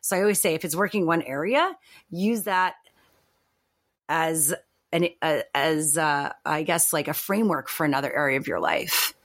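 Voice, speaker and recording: A woman talking as a podcast guest in a reflective, animated way, with many fillers and restarts. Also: deep voice, normal speed, no echo. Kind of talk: casual podcast conversation.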